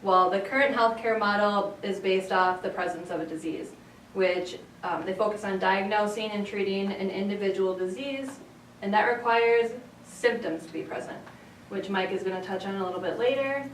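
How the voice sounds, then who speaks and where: A woman giving an explanatory presentation, steady and explaining with occasional fillers. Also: mid-range voice, normal speed, a little hiss or hum. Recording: echoey room from far off.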